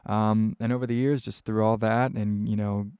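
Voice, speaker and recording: A man's voice: fairly low pitch, little pitch movement, moderate pace, warm tone, no echo, clean studio sound. A young man from Ohio hosting a casual solo podcast, answering listener questions in a candid, rambling way with lots of fillers. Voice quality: gravelly.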